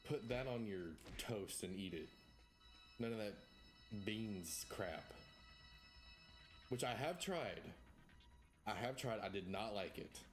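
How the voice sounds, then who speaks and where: Male streamer, low-ish voice, chatty and self-mocking, with game music playing underneath. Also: expressive, takes it slowly, long pauses. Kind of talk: casual gameplay chat.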